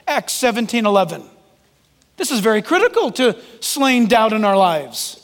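A man's voice: sits high, sing-song, normal speed, big-room sound. A man preaching a sermon as pastor, emphatic and joking, calling on listeners by name.

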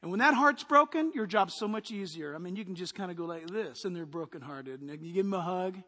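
A man preaching a sermon as a pastor, forceful and punchy, with quick lists and asides. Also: sits high, lively intonation, long reverb tail.

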